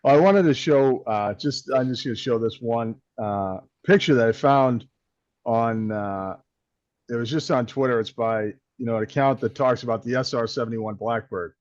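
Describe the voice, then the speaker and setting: A man's voice: medium pitch, moderate pace, darkish tone, no echo, highs cut off. A man hosting a casual interview, easygoing, explaining a picture he found online. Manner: easygoing, reacts with short affirmations. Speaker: host.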